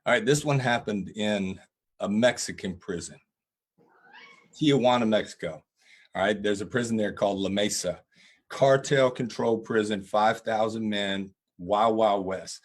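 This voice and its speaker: A preacher appearing as a guest answers an interview question with earnest stories, told with animation and punctuated by laughter. His voice is fairly low in pitch, and he speaks at a measured pace.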